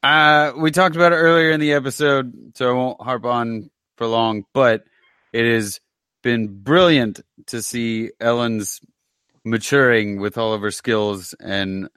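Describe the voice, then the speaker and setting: A man on a podcast, wondering aloud about silly things in a playful way. His voice sits on the low side. The recording is dry and close. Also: fairly bright tone, smooth, no echo. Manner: playful, whimsical musings. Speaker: podcast co-host. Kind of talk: casual chat.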